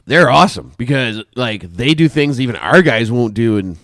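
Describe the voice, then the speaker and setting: A man's voice: medium pitch, animated, moderate pace, a bit bright, dry recording, studio quality. A Canadian man hosting a podcast, telling rambling, profane stories in casual chat, drifting into asides. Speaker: podcast host.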